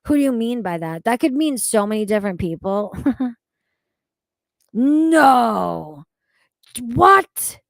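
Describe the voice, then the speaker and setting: A woman's voice: medium pitch, lively intonation, a little fast, warm tone, no room sound, studio quality. A woman streaming live, reading chat comments aloud and reacting in a blunt, profane, exasperated way.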